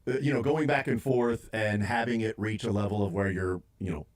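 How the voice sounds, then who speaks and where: A man's voice: on the low side, fairly quick. A man hosting a casual sports radio talk show, bantering and acting out quotes. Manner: animated, acts out quotes in bursts.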